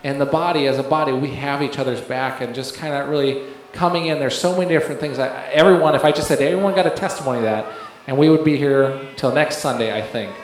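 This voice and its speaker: A medium-pitched man speaks quickly in a very echoey room with faint background noise. He gives a rambling testimony during a sermon, full of fillers and restarts, and often laughs as he goes.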